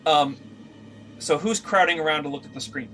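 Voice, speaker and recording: A man's voice: a little high, moderate pace, sharp tone, slight background noise. A man narrating as game master for a tabletop game, rambling with many fillers as he searches for words.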